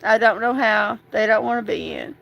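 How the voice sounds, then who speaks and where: A woman, talking through grief on a live stream, halting and repeating herself, tearful at times. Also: mid-range voice, gravelly, dull audio. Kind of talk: emotional live stream chat.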